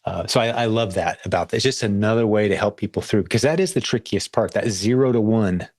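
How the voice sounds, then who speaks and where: A man's voice: lowish voice, quick pace, darkish tone, no room sound, clean studio sound. A man hosting a podcast in casual chat, upbeat and often restarting his phrases. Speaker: podcast host.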